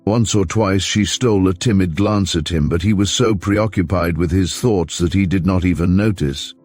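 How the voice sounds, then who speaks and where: Man, audiobook narrator, deep low voice, steady measured reading. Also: faint music behind. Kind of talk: scripted narration.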